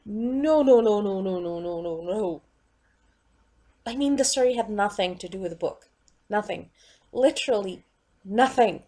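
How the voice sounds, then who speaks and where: A woman's voice: medium pitch, animated, normal speed, long pauses, warm tone. A woman vlogger at home, ranting in an exasperated, emphatic way and swearing freely.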